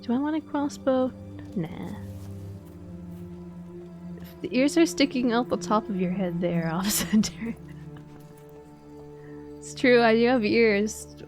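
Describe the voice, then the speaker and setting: A woman's voice: a little high, slow pace, long pauses, darkish tone, soft background music. A woman streaming a game, chatting playfully and rambling as she plays. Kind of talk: casual gameplay chat.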